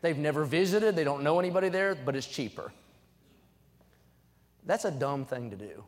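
Young man, preacher, sermon, fairly high voice, emphatic, fervent peaks, church sanctuary, long reverb. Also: lively intonation, normal speed. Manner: reads scripture aloud between points.

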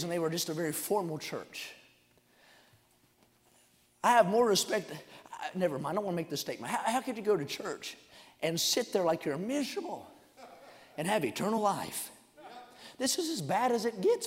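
In a church sanctuary with long hall reverb, a man with a voice that sits high preaches a revival sermon. He shouts and chants his points, then drops into quieter storytelling asides.

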